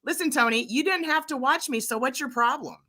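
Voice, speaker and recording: A woman's voice: sits high, a little fast, pushed and bright. An American woman hosting a livestream, arguing in a profane, confrontational way and repeating herself. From United States. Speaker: livestream host. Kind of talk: heated livestream argument.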